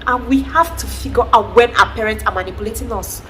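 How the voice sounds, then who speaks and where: Woman, thirties, casual vlog talk, preachy and lively, slightly high voice. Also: quick pace, a little hiss or hum. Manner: animated and preachy, often laughing. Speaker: vlogger, mother.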